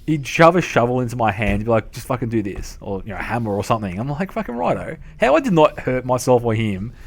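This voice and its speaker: An Australian game streamer in his thirties tells casual stories in a mid-range voice, very animated and fast. He swears freely and laughs as he talks, with a profane, matey feel to the chat.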